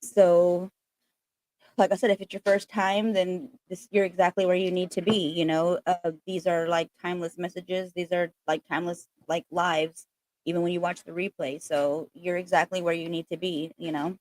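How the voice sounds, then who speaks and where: A woman's voice: fairly low pitch, little pitch movement, moderate pace, darkish tone. A woman hosting a casual spiritual livestream, chatting in a rambling way full of fillers, recorded on a laptop.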